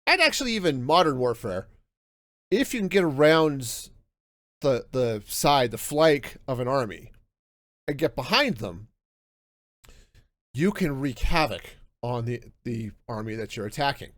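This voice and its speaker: A man hosting a podcast, talking through a book review in a casual, animated way, often restarting his sentences. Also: medium pitch, unhurried, long pauses, no echo, clean studio sound. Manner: animated, self-interrupting with restarts and laughs. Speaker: podcast host.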